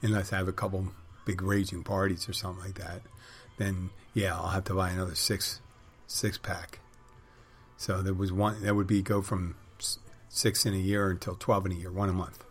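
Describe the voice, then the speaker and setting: A man's voice: sits low, level tone, normal speed, faint music behind. A middle-aged man rambling through a casual monologue, with wry, digressive, crude humor.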